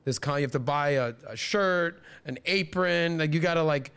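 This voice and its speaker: A man in his thirties hosting a casual chat, telling stories with animated, acted-out quotes. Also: moderate pace, vocal fry, clean tone. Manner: animated, acts out quoted people in higher voices. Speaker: podcast host.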